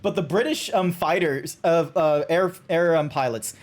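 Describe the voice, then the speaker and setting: A man's voice: on the high side, normal speed, faint music behind. Rambling, filler-heavy man streaming a game. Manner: rambling storytelling with many fillers and restarts, laughing at his own retellings. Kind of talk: casual chat while gaming.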